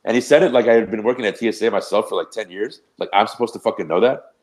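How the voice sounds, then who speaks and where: A man with a very low, deep voice tells a loose, rambling story on a podcast. He swears freely and keeps the tone casual and animated, with a lot of asides. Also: rapid-fire. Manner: rambling, profane, animated anecdote. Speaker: podcast co-host.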